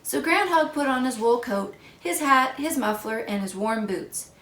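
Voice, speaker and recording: A woman reading a picture book aloud for children in an expressive storytelling voice. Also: fairly high pitch, a little slow. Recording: echoey room.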